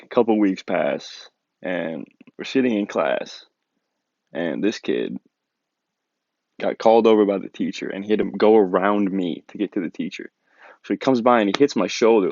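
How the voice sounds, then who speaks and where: Low-voiced young man telling a story. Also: gravelly, dry recording. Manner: animated, filler-heavy, lots of "like". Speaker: vlogger telling a personal story. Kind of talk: casual storytime. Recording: dull lo-fi dry recording.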